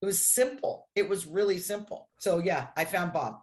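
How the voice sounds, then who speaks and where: A woman with a slightly low voice tells a story as a podcast guest. She acts out the dialogue with lively voices as she goes. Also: moderate pace. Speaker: crime analyst guest.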